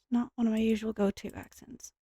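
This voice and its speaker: A tired woman giving soft-spoken, rambling commentary while she plays a game, with self-deprecating asides. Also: on the high side, level tone, fast, breathy edge, dry recording, studio quality. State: tired, speaking softer and lower. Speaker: gaming streamer. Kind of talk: casual gameplay commentary.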